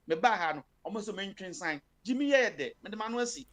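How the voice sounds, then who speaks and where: Ghanaian accent, political commentator, impassioned, code-switching, filler-heavy, mid-pitched. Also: expressive, fast talker, hardly any pauses, fairly bright tone. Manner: mixes Twi and English, heavy fillers, emphatic.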